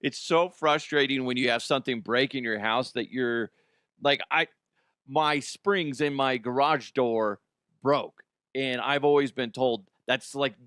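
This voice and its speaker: A man hosting a comedy show, telling a story in a profane, animated way, laughing and jumping his voice high for effect. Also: clean tone, no echo, clean studio sound. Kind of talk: comic storytelling monologue. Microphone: studio microphone.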